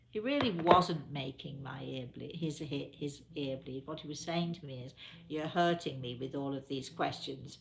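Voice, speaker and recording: An older woman, a spiritual medium, chatting casually and repeating herself as she gently advises viewers in a live question session. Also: a bass voice, normal speed, creaky, over loud music.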